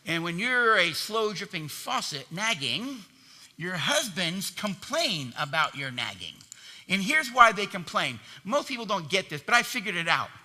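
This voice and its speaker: Brief: male pastor, emphatic call-and-response sermon, high voice, long church reverb. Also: measured pace. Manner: animated, emphatic preaching with call-and-response questions.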